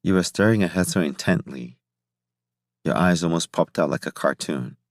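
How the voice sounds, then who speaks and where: A jovial, fatherly older scientist with a rich laugh behind his words, teasing a younger colleague in an audiobook scene, as a male narrator puts him on. The voice sits low and close, with a dry, dead studio sound. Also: animated, unhurried, a little mellow, no room sound.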